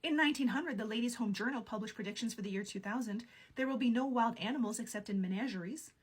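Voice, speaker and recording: A woman with a fairly high, slightly husky voice reads a prepared script as a video host. She keeps it playful and wry, slipping in quick jokey asides between the facts.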